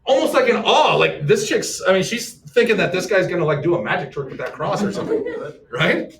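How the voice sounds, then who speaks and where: Teaching history with a brisk, high voice, a man jokes around and fires off questions to his students with lots of energy. It's recorded from afar in an echoey classroom, with background noise.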